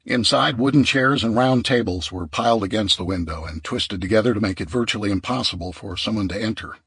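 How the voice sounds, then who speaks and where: Male narrator, survival audiobook, very husky voice, dry studio sound. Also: lowish voice, a little fast, a bit bright, dry recording.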